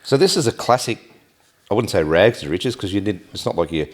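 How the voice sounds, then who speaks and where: A man hosts a relaxed podcast chat in a lowish voice. He is chatty and self-deprecating and uses plenty of everyday slang. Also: a little fast. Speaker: podcast host. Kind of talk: casual interview chat.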